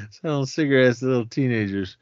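A man's voice: mid-range voice, no echo. Man animatedly retelling a movie plot. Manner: animated retelling, acts out quoted lines in raised voices, chuckles often. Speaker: podcast co-host. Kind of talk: casual chat retelling a film. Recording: dry, slightly dull lo-fi audio.

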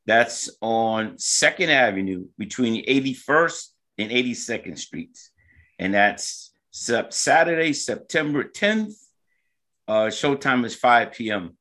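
A man's voice: medium pitch, expressive, slow pace, sharp tone. Laid-back joking man, comedian co-host. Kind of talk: casual radio show chat.

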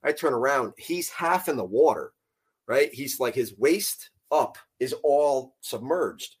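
A man casually telling a fishing story, animated and profane, laughing as he goes. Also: medium pitch, unhurried, husky.

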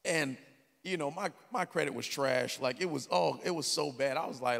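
A man preaching a sermon as a story, swinging from quiet talk to shouted peaks. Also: on the high side, animated, brisk, creaky. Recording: long hall reverb.

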